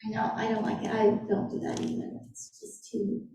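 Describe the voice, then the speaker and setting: A woman moderator chats agreeably with the guest author. Her voice is fairly high and mellow. The sound comes from far off in a very echoey room. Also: sing-song, moderate pace, creaky, slight background noise. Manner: agreeable, chatty. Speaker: event moderator. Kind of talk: conversational moderating. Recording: echoey room, distant mic.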